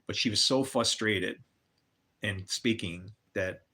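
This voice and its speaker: A man's voice: fairly low pitch, slow pace, sharp tone. An older man telling candid personal stories on a livestream, swearing and adding religious asides. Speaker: livestream host. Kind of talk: rambling personal storytelling.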